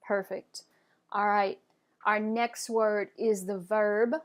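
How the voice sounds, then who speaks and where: A woman teaching French pronunciation, modelling words clearly and encouraging learners to repeat after her. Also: medium pitch, fairly even intonation, slow pace. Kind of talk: pronunciation lesson.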